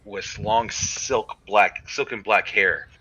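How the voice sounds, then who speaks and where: A man narrating a tabletop game as game master, describing scenes in slow detail with fillers. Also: lowish voice, steady tone, sharp tone, dull audio.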